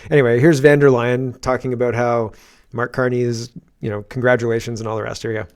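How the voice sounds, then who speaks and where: A man hosting a political commentary show, talking casually with sarcasm and loud exasperated outbursts. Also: medium pitch, flat delivery, quick pace, clear, resonant tone.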